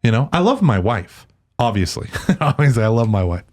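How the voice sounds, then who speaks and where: A man's voice: mid-range voice, a little fast. A man chatting as a podcast guest, telling stories animatedly and often slipping into other people's voices. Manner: animated storyteller, does voices and laughs often. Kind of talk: casual chat.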